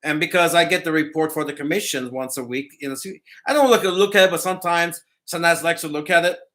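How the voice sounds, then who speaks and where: Bright-voiced man hosting a chat. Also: a little high, fast. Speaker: host. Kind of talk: casual chat.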